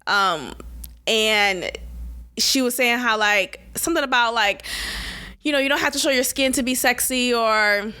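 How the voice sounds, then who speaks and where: Woman podcast host, opinionated, sassy and blunt; bright, forceful delivery, pitched a touch high. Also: unhurried, clear, resonant tone. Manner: mocking quoted voices. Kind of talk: opinionated commentary.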